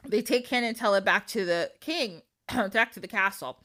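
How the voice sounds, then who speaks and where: A young woman hosting a podcast, retelling a fairy tale in an animated, casual way, swearing freely and acting out the quotes. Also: mid-range voice, moderate pace. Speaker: podcast host. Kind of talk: casual storytelling.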